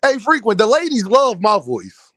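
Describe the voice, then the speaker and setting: High-voiced man trash-talking on a stream. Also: huge pitch swings, moderate pace, a bit bright, no echo. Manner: teasing, trash-talking, laughing often. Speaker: livestream host. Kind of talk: casual livestream banter.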